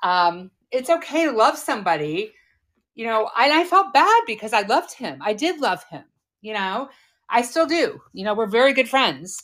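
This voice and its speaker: Woman co-host, 40s, higher pitch, confessional and earnest in a candid chat. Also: very animated, normal speed. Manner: earnest, confessional, trails off softly. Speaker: podcast co-host.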